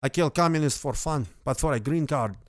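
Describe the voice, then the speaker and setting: A man putting on the voice of a menacing cartel gangster, slow, low and threatening. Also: no room sound, studio quality, close to an everyday voice. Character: menacing male cartel gangster with straight razor.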